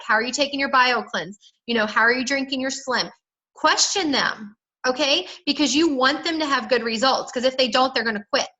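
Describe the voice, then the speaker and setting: A woman with a high, sharp voice leads her sales team on a call, recorded in low quality over the phone. Chatty and emphatic, she frequently role-plays the lines she would use with people.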